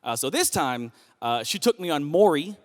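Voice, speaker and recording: A man in his thirties performing a stand-up comedy set on a club stage, telling family stories and jumping into voices for the people in them. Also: moderate pace. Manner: animated storyteller, jumps into high voices for characters. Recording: long reverb of a hall.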